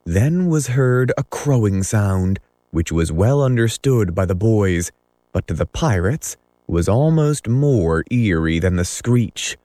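A man narrating a classic story as an audiobook, measured and dramatic. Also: lowish voice, lively intonation, warm tone, dry recording, clean studio sound. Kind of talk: audiobook reading.

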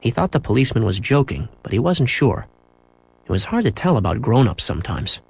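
Storyteller man for a kids' book, lively pitch, dry close sound. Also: a little fast, creaky, husky, dry recording. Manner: expressive, playing out sound effects. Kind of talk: reading a children's book aloud.

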